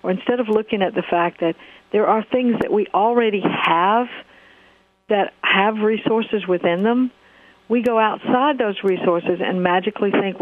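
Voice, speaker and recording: A woman's voice: medium pitch, moderate pace, no room sound. A woman hosting a radio talk show, telling a story in an easy, hesitant way with many fillers. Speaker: radio show host and counselor. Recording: phone-like narrow sound.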